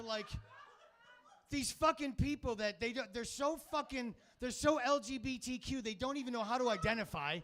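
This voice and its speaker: A man's voice: extremely high pitch, moderate pace, a bit bright, a little hiss or hum. A middle-aged man doing a rambling, crude, self-mocking stand-up comedy set on a club stage, swearing a lot as he hosts the show. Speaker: stand-up comic and show host.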